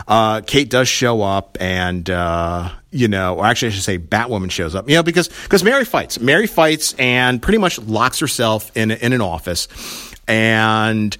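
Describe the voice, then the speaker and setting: A man's voice: fairly low pitch, lively intonation, normal speed, fairly bright tone, dry recording, studio quality. A man casually recapping a TV episode, rambling and retelling scenes with quoted lines.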